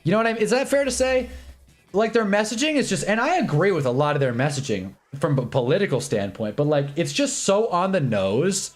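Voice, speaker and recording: A man's voice: sits high, sing-song. A young man hosting a sports watch-along livestream, chatting casually and candidly, rambling and swearing, repeating himself, with faint music behind him. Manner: puts on quick voices for quoted people. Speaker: livestream host.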